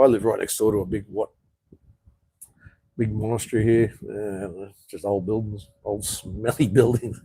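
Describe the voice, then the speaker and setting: Middle-aged Aussie bloke, live-chat host, blunt and sweary, relaxed mellow tone. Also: male voice, lowish voice, vocal fry, husky, low-quality recording. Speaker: livestream host. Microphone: phone or webcam livestream.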